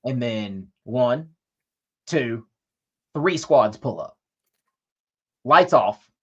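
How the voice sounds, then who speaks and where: Man, podcast co-host, casual storytelling, profane, average pitch, dull lo-fi recording. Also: animated, extremely slow, fairly bright tone, slightly rough. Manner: profane, rambling anecdote with acted-out quotes.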